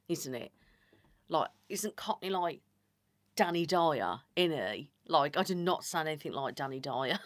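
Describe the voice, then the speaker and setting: A woman with a Staffordshire accent, hosting an ASMR live stream and chatting in a rambling, casual way that slips into soft whispered asides. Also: low voice, no echo. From Staffordshire, England. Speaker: ASMR channel host.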